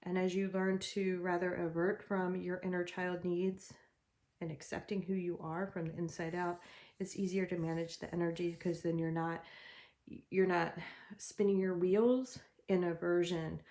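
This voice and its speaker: Woman doing a tarot reading, kinda low voice, chatty and upbeat, laughs a lot. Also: warm tone. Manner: encouraging, chatty, laughs often. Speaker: tarot reader.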